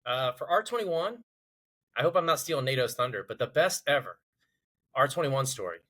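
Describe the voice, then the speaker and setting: A man's voice: medium pitch, normal speed, rough recording. A man telling a funny military story in casual chat, acting out the others' lines in a raised voice. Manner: animated, acts out quotes with rising voice. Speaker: podcast host.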